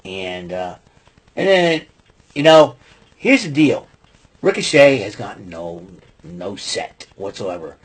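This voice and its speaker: A man's voice: a little high, slightly rough. A man hosting his own podcast, recapping a wrestling show in a rambling, opinionated way with many fillers. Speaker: podcast host.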